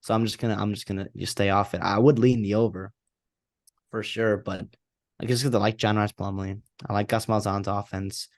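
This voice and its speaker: Man, low voice, dry close sound, rambling podcast co-host, casual sports chat. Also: fairly even intonation, brisk, no echo. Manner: rambling with frequent restarts.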